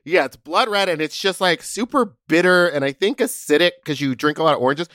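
A man co-hosting a podcast, telling stories in an animated, chatty way. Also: fairly high pitch, fairly quick, no echo, clean studio sound. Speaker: podcast co-host. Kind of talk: casual chat, storytelling.

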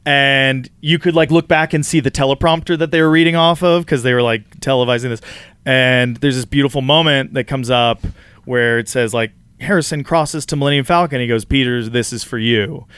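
A man guest on a podcast, telling an animated story in casual chat, laughing often and acting out the voices of people he quotes. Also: mid-range voice, a little fast, smooth, dry recording.

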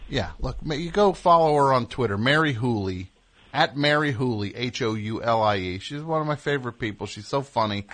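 This is a man hosting a call-in radio show, and he talks in a sardonic, rambling way. His pitch swings widely as he puts on mock outrage. He drifts casually between complaints and plugs. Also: expressive, a little fast, fairly bright tone.

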